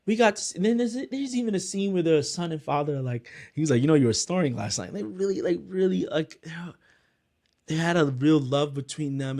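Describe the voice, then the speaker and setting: A man giving a casual spoken film review, earnestly retelling the scenes with lots of filler words. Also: on the high side.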